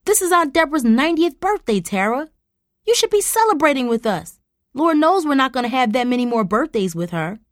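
A loud, indignant middle-aged mother scolding her daughter, her pitch climbing high as she fumes, put on by a woman reading a story. The sound is close and dry. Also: sing-song, moderate pace, no room sound.

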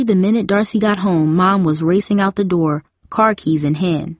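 A woman narrating a children's novel aloud in an even, measured way. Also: on the low side, no echo, studio quality. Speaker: audiobook narrator. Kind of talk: scripted narration.

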